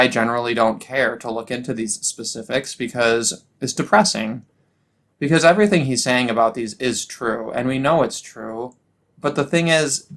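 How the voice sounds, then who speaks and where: Young adult man, mid pitch, solo rant host; sarcastic, stumbling restarts. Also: vocal fry, a bit bright. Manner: ranting, sarcastic, frequent restarts. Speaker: political commentary host. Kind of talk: solo political commentary.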